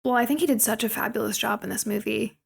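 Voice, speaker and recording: A woman's voice: fairly high pitch, fast talker, creaky, breathy edge. A woman co-hosting a podcast, chattily retelling a movie scene by scene. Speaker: podcast co-host. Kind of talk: casual podcast movie recap.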